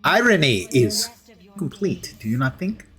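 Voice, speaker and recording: A man's voice: medium pitch, big pitch swings, measured pace, pushed and bright. A man voicing a huge, boastful steel-skinned male hero in a mock Russian accent, with solemn, formal phrasing. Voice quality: formal, article-dropping, grandly pompous phrasing. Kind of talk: in-character game commentary.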